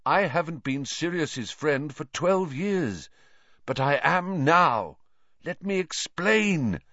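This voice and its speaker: A man voicing a calm, weary male teacher who speaks in a measured, restrained way. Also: on the high side, no room sound, lo-fi sound, voice pushed up, heavily acted. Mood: pleading.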